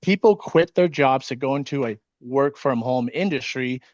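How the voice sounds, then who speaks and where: Jittery team-leader guy on a video call, rapid casual talk with lots of swearing, mid-pitched voice, dry and a bit dull audio. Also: darkish tone, dry recording. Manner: fast, casual, swears often. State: nervous and wired on caffeine. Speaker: insurance sales team leader. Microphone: video call microphone.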